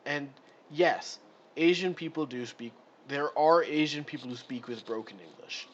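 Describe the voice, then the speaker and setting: A man's voice: a little high, normal speed, dull audio. A man doing a live read-through of an adventure module, breaking off into exasperated, sweary ranting commentary. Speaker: streamer reading a module.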